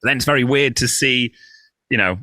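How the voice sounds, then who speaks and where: British comedian guest, bright and animated storyteller, dry close mic. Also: male voice, medium pitch, normal speed, no room sound. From United Kingdom. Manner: animated storyteller who acts out quoted voices. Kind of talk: casual podcast chat.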